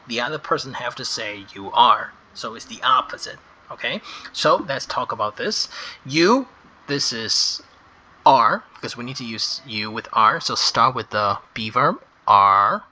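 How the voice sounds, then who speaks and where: Man, English grammar teacher, very slow careful explanation, bright sharp voice. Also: medium pitch, lively intonation. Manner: slow and careful, stressing key words.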